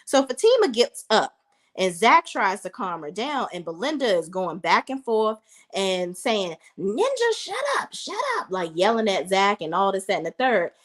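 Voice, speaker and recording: A woman hosting a casual recap vlog, chatty and animated, talking straight to her viewers. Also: medium pitch, normal speed. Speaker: reality TV reviewer.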